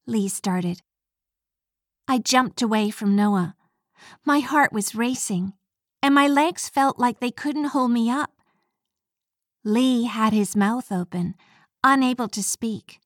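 Woman reading a story slowly and clearly. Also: a little high, no room sound, studio quality. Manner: slow, clear, careful reading. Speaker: audiobook narrator. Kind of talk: first-person storybook narration.

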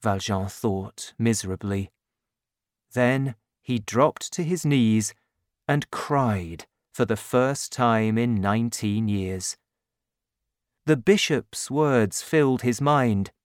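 A narrator reading a storybook aloud at an unhurried pace with clear, expressive phrasing. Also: medium pitch, no room sound, studio quality.

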